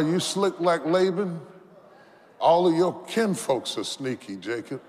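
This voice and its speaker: High-voiced preacher man, unhurried and impassioned. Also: animated, darkish tone. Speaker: bishop preaching. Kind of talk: sermon. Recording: reverberant hall with faint background noise.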